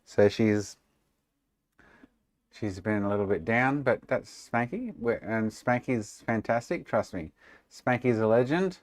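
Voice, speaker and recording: A man's voice: lowish voice, expressive, a little slow, no room sound. An Australian man chatting casually and sarcastically with viewers on a live stream, swearing freely. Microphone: desk microphone.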